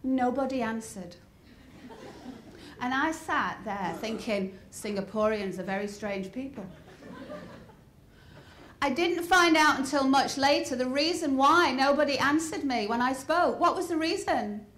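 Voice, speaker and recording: A woman in her fifties from the north of England, with a softened English accent, giving a lively, humorous motivational talk and asking the audience questions. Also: high voice, a little slow, a little hiss or hum. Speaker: speaker. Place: large hall before an audience. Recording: roomy hall with faint crowd ambience.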